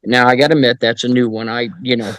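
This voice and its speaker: A middle-aged paranormal investigator from Indiana tells animated anecdotes in casual chat, speaking quickly in a mid-range voice with no room sound. He acts out the voices of people he quotes, and his storytelling is full of fillers and restarts.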